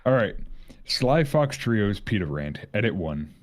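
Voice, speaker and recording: A man reading rules aloud and bantering on a voice call stream, profane and quick to repeat himself. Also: lowish voice, big pitch swings. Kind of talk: casual chat on a group stream.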